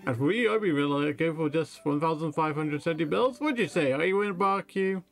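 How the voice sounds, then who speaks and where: A man's voice: a little high, expressive, brisk, gravelly. A man reading as a laid-back dog villager. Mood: playful. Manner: reading game text aloud.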